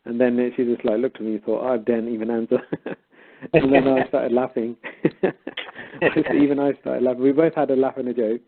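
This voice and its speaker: A man with a medium-pitched, steady voice and a slightly fast delivery is a guest storyteller heard on a tinny phone-like line. He casually recounts a story, acting out both parts of a conversation with animation.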